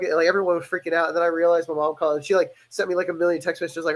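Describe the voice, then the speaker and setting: A man's voice: a little high, fairly even intonation, very fast, hardly any pauses, a bit bright. A man hosting a livestream, talking casually about his music in a loose, rambling, profane way with frequent restarts. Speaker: host and musician.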